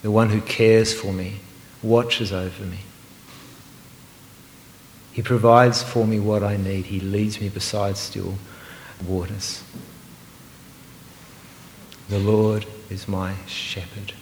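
A man preaching a sermon, earnest and emphatic, sometimes slowing to a hushed, meditative repetition. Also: on the low side, level tone, slight background noise. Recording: roomy hall with long reverb.

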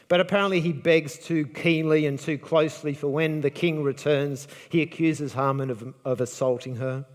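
A man's voice: mid-range voice, big-room sound. A man preaching a sermon, retelling a Bible story with drama and acting out the quoted lines.

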